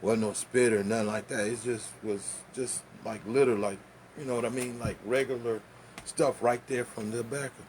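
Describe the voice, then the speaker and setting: A man's voice: medium pitch, fairly even intonation, normal speed, a little mellow, a little hiss or hum. A man telling a loose, profane, laughing story and showing how to roll tobacco. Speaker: vlogger. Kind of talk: casual storytelling and demonstration.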